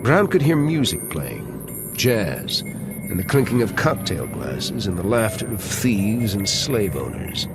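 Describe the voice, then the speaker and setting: A man reading a thriller audiobook in an expressive, dramatic manner. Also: fairly low pitch, slow, over loud music. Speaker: audiobook narrator. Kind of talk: scripted thriller narration.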